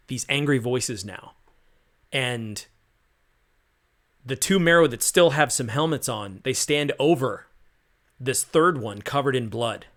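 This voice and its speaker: A man's voice: mid-range voice, fairly bright tone. Casual male game master narrating scenes. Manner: casual, cinematic scene-setting with fillers.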